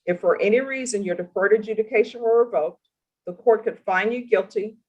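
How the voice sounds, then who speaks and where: A woman's voice: mid-range voice, breathy edge, dull audio. Stern woman judge questioning in court. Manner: stern, deliberate, formal questioning. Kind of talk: courtroom plea hearing.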